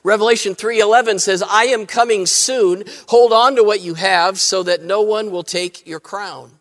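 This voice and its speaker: A man with a fairly high voice delivers a sermon from the pulpit. He speaks plainly, and he often restarts his phrases with fillers. His words trail off into the long reverb of a church. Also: fairly even intonation, moderate pace, a bit bright. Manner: plain-spoken, frequent fillers and repeated starts. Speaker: pastor. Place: church sanctuary.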